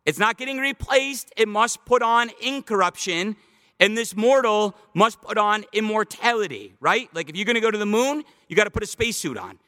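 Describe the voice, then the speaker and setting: A man preaching a sermon as pastor, animated, slowing down to stress scripture quotes. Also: high-pitched, in a large hall.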